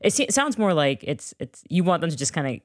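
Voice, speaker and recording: Quick, agreeable podcast host, dry sound. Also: mid-range voice, very animated, no room sound. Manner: relatable, agreeable listener who laughs along. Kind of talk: casual interview chat.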